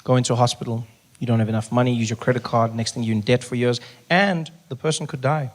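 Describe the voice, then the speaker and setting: A male comedian doing stand-up, telling a story in an animated way with bursts of shouting. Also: medium pitch, fast.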